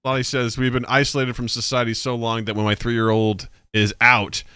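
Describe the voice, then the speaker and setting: A man co-hosting a podcast in casual chat, an animated storyteller who acts out family voices and swears freely. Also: medium pitch, normal speed, clear, resonant tone, no room sound, studio quality. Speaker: podcast co-host.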